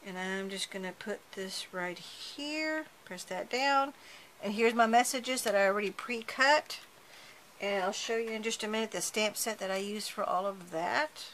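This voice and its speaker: A woman's voice: mid-range voice, moderate pace, a bit bright, a little hiss or hum, rough recording. Chatty woman crafting while she talks. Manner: chatty, self-correcting while working with her hands. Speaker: card-making tutorial host. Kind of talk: casual craft tutorial narration.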